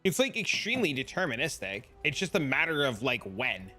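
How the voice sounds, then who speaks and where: A man's voice: medium pitch, very animated, fairly quick, pushed and bright, faint music behind. A young man streaming a game, chatting casually and swearing as he answers chat. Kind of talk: casual live-stream commentary.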